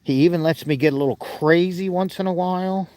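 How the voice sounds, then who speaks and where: A man's voice: sits high, brisk, darkish tone, no echo, natural voice. A man voicing a folksy contented longhorn steer.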